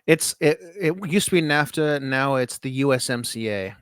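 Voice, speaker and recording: A man's voice: mid-range voice, moderate pace, a bit bright, clean tone, no echo, studio quality. A man co-hosting a podcast in casual chat, rambling and joking with frequent restarts. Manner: rambling and jokey, many restarts. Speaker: podcast co-host.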